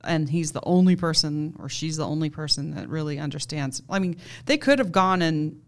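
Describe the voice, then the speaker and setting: A woman's voice: sits low, normal speed. A woman in casual book-club chat, thoughtful and a little self-deprecating. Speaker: book club podcast host.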